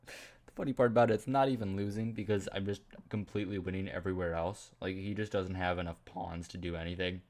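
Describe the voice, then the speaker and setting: A man casually commentating his own chess games as a voice-over, rambling with fillers, laughing at himself and jumping high in pitch when incredulous. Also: fairly even intonation, fast talker, a little mellow.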